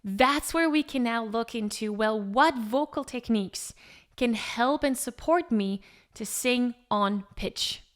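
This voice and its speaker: A woman vocal coach explaining pitch step by step in an encouraging way, with short sung demonstrations. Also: takes it slowly. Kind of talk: singing lesson with sung demonstrations.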